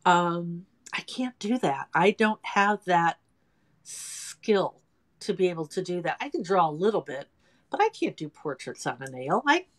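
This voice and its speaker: A woman in her sixties with a lowish voice talks in a chatty, self-deprecating way as a guest in a casual interview. She speaks from her home salon. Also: very animated, a little slow. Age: 60s. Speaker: guest, home nail technician.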